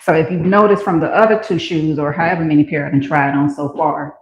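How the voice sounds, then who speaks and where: A woman's voice: deep voice, steady tone, a little fast, a little hiss or hum. A woman vlogger talking casually and enthusiastically to viewers while she tries on and sells shoes. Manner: chatty and enthusiastic, talks to viewers. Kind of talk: casual shop-with-me commentary. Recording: roomy, slightly dull home recording.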